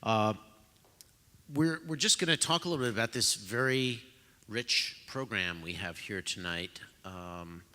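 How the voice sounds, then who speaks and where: Male host, low and bright-toned, self-deprecating, casual, in a concert hall with long reverb. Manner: self-deprecating, joking, halting with fillers. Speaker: host of a pre-concert talk. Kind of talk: casual live talk to an audience.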